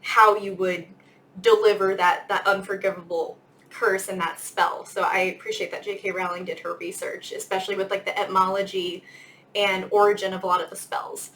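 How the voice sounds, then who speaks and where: A woman's voice: medium pitch, flat delivery, moderate pace, fairly bright tone, low-quality recording. A young woman giving a casual grammar lesson as a teacher, chatty and full of fillers. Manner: chatty, lots of "like" and "um". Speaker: English teacher.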